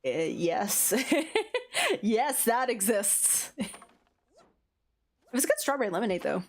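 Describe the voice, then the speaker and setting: Over faint background music, a young woman on a stream talks slowly about her day in a mid-range voice. She rambles and giggles, uses many fillers, and slips into playful, animated silly voices when quoting.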